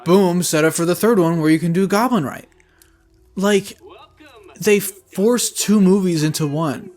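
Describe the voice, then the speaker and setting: A young man giving excitable, profane reaction commentary while watching a film. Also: sits high, unhurried, soft background music. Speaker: movie reviewer.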